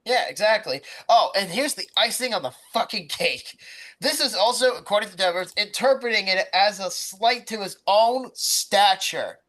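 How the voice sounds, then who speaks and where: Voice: mid-range voice, animated, moderate pace, fairly bright tone, poor audio. A podcast co-host ranting about baseball in casual sports talk, swearing heavily.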